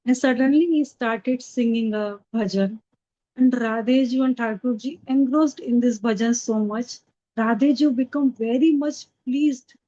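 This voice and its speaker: A woman, a spiritual teacher telling a devotional story in earnest, unhurried narration with simple phrasing. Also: on the high side, dark tone. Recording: dull lo-fi recording.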